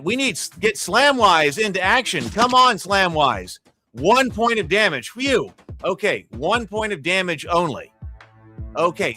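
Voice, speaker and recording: A man running a live tabletop arena battle as game master, calling hits and damage play-by-play and cheering on the dice. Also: a little high. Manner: excitable, cheers and pleads over dice results.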